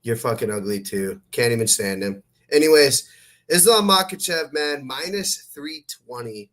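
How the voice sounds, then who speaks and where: A man's voice: on the high side, fairly bright tone. A man hosting a casual sports podcast, talking brashly and swearing a lot as he previews fights. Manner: brash, profane, fast-talking. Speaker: podcast host.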